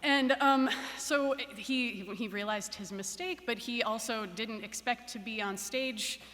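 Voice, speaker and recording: A woman's voice: fairly high pitch, measured pace, fairly bright tone. A woman professor giving a ceremony address, telling an anecdote with fillers and restarts, then leading a guided meditation. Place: large hall at a ceremony. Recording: echoey hall.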